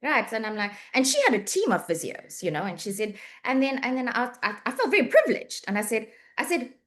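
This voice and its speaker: South African woman telling an animated story. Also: a little high, brisk. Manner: lively anecdotal, acts out quoted dialogue, frequent restarts. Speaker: physiotherapist and medico-legal report writer. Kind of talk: interview storytelling.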